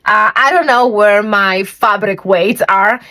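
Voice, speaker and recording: A woman's voice: mid-range voice, takes it slowly, pushed and bright. Chatty woman sewing vlogger. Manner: chatty, rambling, with fillers. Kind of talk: casual chat.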